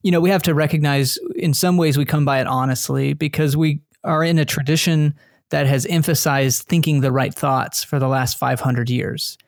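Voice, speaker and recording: A man's voice: fairly high pitch, fairly even intonation, moderate pace, vocal fry, no echo, studio quality. A man from Texas, a guest author, explaining his ideas in a thoughtful podcast interview. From Texas, USA.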